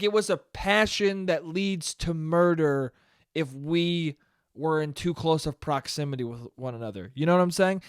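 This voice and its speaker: A young man hosting a solo comedy podcast, ranting sarcastically and swearing constantly, swinging between yelling and low mumbling. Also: smooth, dry recording, studio quality. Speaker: podcast host.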